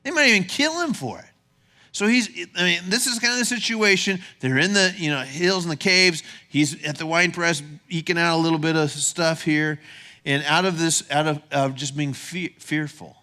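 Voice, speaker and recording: A man's voice: on the high side, moderate pace, sharp tone. A male pastor preaching a sermon in a conversational way, with humorous asides and stumbling restarts.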